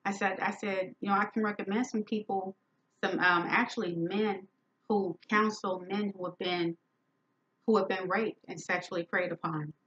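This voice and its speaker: A woman's voice: mid-range voice, steady tone, normal speed, a bit bright. Emphatic woman telling a story, lo-fi. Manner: emphatic and indignant, acting out quoted dialogue. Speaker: podcast host. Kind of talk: storytelling monologue. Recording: dull lo-fi sound.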